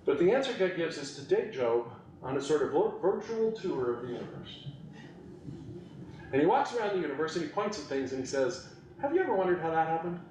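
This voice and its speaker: A man hosting a podcast and giving an informal Bible teaching, animated and quick to laugh, with eager side remarks. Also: fairly high pitch, slight background noise. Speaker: podcast host teaching on scripture. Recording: echoey room, mic at a distance.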